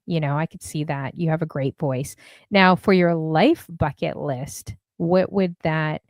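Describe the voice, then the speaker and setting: A woman's voice: deep voice, a little slow, dry recording. A woman hosting a casual live-stream interview, chatty and a bit scattered. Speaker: host.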